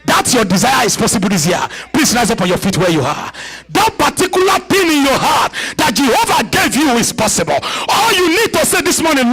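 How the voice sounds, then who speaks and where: A pastor preaching a live church sermon, often shouting and repeating refrains as he leads prayer. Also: extremely high pitch, sing-song, a little fast, rough recording. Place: church service.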